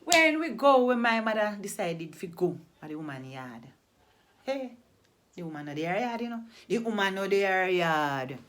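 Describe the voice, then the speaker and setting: A woman from Jamaica with a Jamaican accent, telling a story in a deliberate way and repeating phrases for emphasis. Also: mid-range voice, sing-song, fairly bright tone, a little hiss or hum. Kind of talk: oral storytelling.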